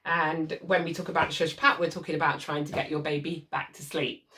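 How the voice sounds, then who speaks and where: A woman teaching parents a soothing technique for settling a baby, speaking calmly and patiently and demonstrating soft shushing. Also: deep voice, a little fast, slight background noise. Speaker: baby sleep consultant. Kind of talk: instructional demonstration. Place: room with a changing mat set up as a crib. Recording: voice from a distance from the mic.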